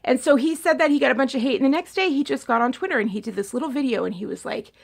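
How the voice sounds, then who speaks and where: Young woman rambling on about politics, kinda high voice, gets worked up and repeats herself. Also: rapid-fire, creaky. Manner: rambling, animated, repeats words. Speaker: political commentary vlogger. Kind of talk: casual opinion monologue.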